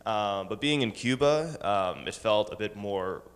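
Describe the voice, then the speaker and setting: A college-age man giving a slide talk to a congregation, pausing often with ums and uhs. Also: lowish voice, expressive, big-room sound. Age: 20s. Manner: hesitant, many ums and uhs. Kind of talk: presentation with slides. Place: synagogue hall.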